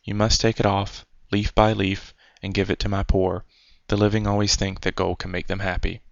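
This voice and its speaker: A man voicing a kind, sorrowful male statue prince who speaks gently and pleadingly. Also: on the low side, flat delivery, normal speed, creaky, no room sound. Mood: tender. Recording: dry, dull lo-fi recording.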